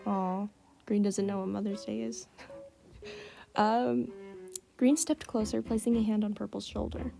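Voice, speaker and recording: A woman's voice: medium pitch, steady tone, measured pace, creaky, long pauses, mellow, soft background music. A young woman casually reading her old fan stories aloud and chatting about them, giggling and reacting as she goes.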